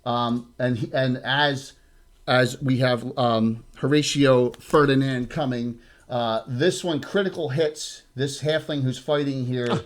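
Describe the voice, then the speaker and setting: A man with a South Jersey accent runs a tabletop game, narrating in a loose, rambling way full of "uh" and "like". His voice sits at a middle pitch. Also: fairly even intonation, takes it slowly. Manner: loose, chatty, full of fillers. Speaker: game master.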